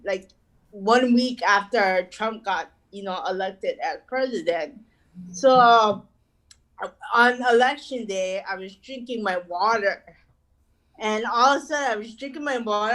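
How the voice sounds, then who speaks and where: A woman's voice: on the high side, fairly bright tone, poor audio. A woman doing an online stand-up set, rambling and swearing, with lots of "you know" fillers. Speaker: stand-up comedian.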